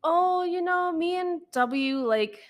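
A woman's voice: very high-pitched, lively intonation, slow, voice pushed up, heavily acted. A woman quoting a pushy young man who brushes off questions in a vague, hesitant way. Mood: evasive.

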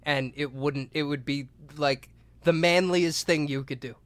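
A man's voice: fairly high pitch, steady tone, a little slow, dry recording. A young man co-hosting a podcast, telling rambling, profane stories with lots of laughter. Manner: rambling, laughing, swearing freely. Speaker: podcast co-host. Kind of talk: casual storytelling chat.

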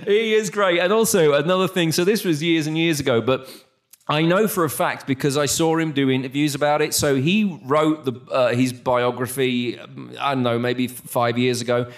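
A man from England, a radio host, telling an anecdote in a casual, animated chat with some swearing. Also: mid-range voice. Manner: chatty, swearing, animated storytelling.

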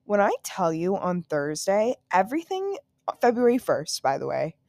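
A woman's voice: mid-range voice, big pitch swings, normal speed, gravelly, darkish tone, no room sound, studio quality. A young woman telling a story to her podcast listeners at home, loose and profane, full of "like" and laughing asides. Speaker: podcast host. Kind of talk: casual solo storytelling.

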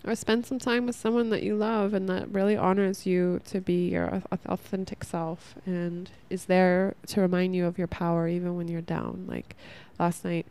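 A woman's voice: on the low side, level tone, normal speed, hardly any pauses, warm tone, clear, resonant tone. A young woman hosting a casual spiritual self-help podcast, rambling earnestly with lots of "like" and laughing at herself. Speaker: podcast host.

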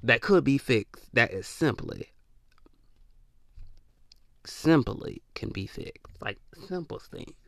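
A man's voice: mid-range voice, sing-song, slow pace, creaky, long pauses, a bit bright, no room sound. A young man hosting a podcast, talking in a loose, rambling casual monologue full of slang and emphatic repeats. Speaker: podcast host.

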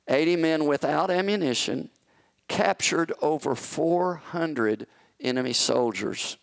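A pastor preaches with a dramatic storyteller's flair, acting out the people in his story. His voice is a touch high and gravelly, and the sound is dry and close. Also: no room sound. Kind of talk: sermon storytelling.

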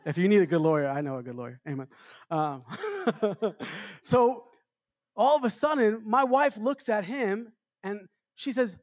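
American evangelist man, high voice, dry close sound, jokey storyteller who acts out the quotes. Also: unhurried, no room sound. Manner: animated, jokey, acts out quotes with big pitch jumps. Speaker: evangelist preacher. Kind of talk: storytelling sermon. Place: church revival meeting.

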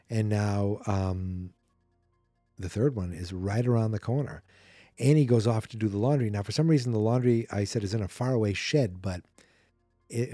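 A man's voice: lowish voice, mellow, slightly rough, dry recording, clean studio sound. A man hosting a podcast, casually recapping a film in a chatty, rambling way that often corrects itself mid-sentence. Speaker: podcast host. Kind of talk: casual movie recap commentary.

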